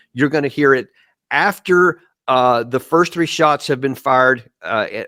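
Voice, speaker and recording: A man's voice: mid-range voice, a bit bright, no echo. Dry, emphatic male commentator. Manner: emphatic, walks viewers step by step. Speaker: show host and commentator. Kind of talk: live commentary on video clips.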